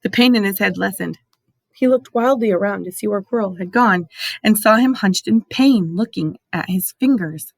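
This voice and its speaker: A woman reading a storybook aloud with expressive, dramatic delivery. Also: medium pitch, moderate pace, gravelly, no room sound. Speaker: audiobook reader.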